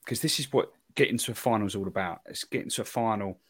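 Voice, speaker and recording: A man's voice: lowish voice, fast talker, a bit bright, husky. A young man from England, a podcast co-host, talking in a gushing, emotional way and repeating himself. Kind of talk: casual chat.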